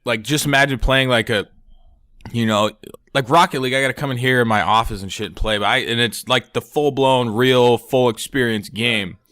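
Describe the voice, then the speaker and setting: A man's voice: mid-range voice, moderate pace, fairly bright tone, no room sound, clean studio sound. A man co-hosting a podcast, rambling loosely in casual chat and swearing freely. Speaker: podcast co-host.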